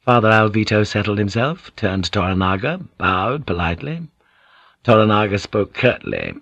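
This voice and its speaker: A man reading a historical novel aloud as a narrator, measured and steady, changing his voice for the characters. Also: fairly low pitch, creaky, no room sound. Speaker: audiobook narrator. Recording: dull, dry studio sound.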